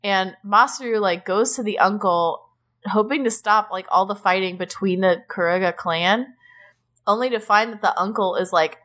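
A woman's voice: medium pitch, moderate pace. A young adult woman co-hosting a podcast, recapping casually with lots of "like", sarcastic asides and swearing. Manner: animated, frequent "like", sarcastic swearing. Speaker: podcast co-host.

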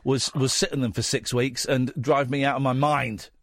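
Middle-aged male radio host, husky, dry studio sound, swings from teasing to mock fury. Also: medium pitch, fairly even intonation, normal speed, fairly bright tone, dry recording. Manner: teasing, mock-angry outbursts. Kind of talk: late-night radio chat. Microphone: studio mic.

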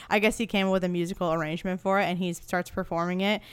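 Woman podcast co-host, smooth clear voice, playful and giggly, casual film chat. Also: on the low side, steady tone, quick pace, no room sound. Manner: playful, giggly, chatty storytelling.

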